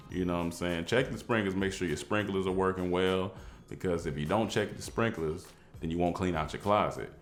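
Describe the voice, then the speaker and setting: A man telling a personal story in a casual, animated way, acting out the people in it. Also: deep voice. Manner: animated, excitable storytelling with voiced quotes.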